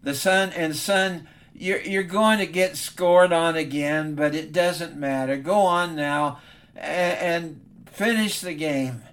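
Male preacher playing a gentle father, earnest and a little halting. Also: on the high side. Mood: tender. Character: tender, proud father comforting his son.

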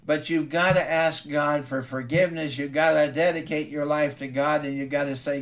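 Man preaching a heartfelt story sermon, earnest and stammering, voice on the higher side. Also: fairly even intonation, normal speed, few pauses.

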